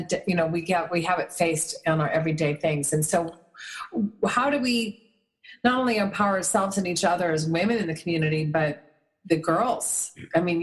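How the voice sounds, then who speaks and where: A woman on a talk radio show, chatting enthusiastically and laughing often. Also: fairly low pitch. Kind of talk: casual radio talk chat.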